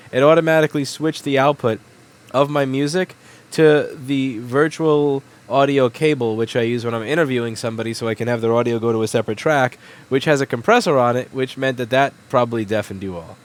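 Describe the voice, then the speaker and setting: A man's voice: medium pitch, brisk, hardly any pauses. A man casually chatting on a live stream while working at a repair bench, rambling and self-deprecating, swearing now and then. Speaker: livestreaming repair technician.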